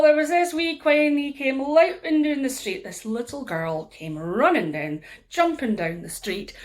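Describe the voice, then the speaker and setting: A woman with an Aberdeen Scottish accent gives a storytelling workshop. Her delivery is lively, with big swings in pitch and loudness as she demonstrates voices. Her speech is casual and full of ums. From Aberdeen, Scotland. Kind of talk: instructional workshop talk.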